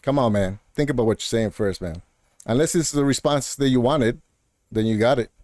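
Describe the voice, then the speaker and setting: A man streaming a game and arguing with a viewer in chat, talking heated and animated and calling them bro and man. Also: medium pitch, no room sound, clean studio sound. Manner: argumentative, talks straight to a viewer in chat, repeats "bro" and "man"; animated and heated, with quick laughs. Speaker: gaming streamer. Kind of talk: casual live-stream rant.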